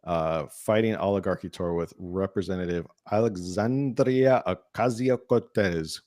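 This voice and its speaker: A man's voice: sits low, unhurried, a little mellow, no echo, clean studio sound. A man hosting a casual political talk show, reading news articles aloud and adding his own asides. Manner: conversational, reads articles with asides and filler hums. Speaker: podcast host.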